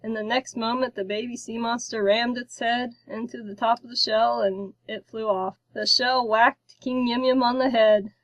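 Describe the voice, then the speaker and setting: A woman narrating a children's storybook in a slow, careful reading. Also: on the high side, fairly even intonation, no room sound, highs cut off.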